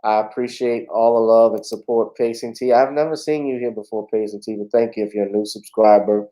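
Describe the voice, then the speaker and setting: A man's voice: fairly low pitch, steady tone, fairly quick, dark tone, poor audio. A man hosting a casual livestream talk show, chatting in a laid-back way with frequent fillers.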